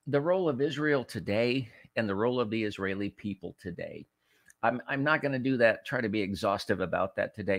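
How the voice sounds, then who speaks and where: A man hosting a talk program, reading scripture and preaching commentary in an emphatic way, often restarting and repeating words and slowing down to stress key phrases. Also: fairly low pitch, fairly bright tone, no echo. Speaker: host of a political talk show.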